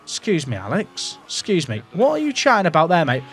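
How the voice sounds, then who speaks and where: A man giving excitable, jokey commentary while playing a racing management game, swinging between hype and quiet muttering. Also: fairly high pitch, a little fast, soft background music. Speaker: gaming YouTuber.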